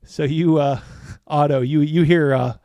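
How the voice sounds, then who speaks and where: A man's voice: on the high side, steady tone, unhurried, dark tone, no echo. A man narrating as game master, rambling with many fillers and chuckles.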